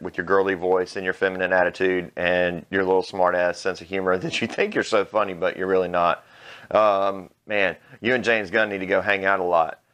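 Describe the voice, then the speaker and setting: A man's voice: low-pitched, a bit bright, muffled recording. A man hosting his own channel, delivering a blunt, mocking, profane opinion rant. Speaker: vlog host. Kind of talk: ranting opinion commentary.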